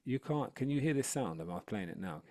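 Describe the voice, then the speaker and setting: A rapper and educational consultant talking energetically on a video call webinar, then rapping a picture book. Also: male voice, on the low side, brisk. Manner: energetic, upbeat, chatty. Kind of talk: webinar talk and live rap.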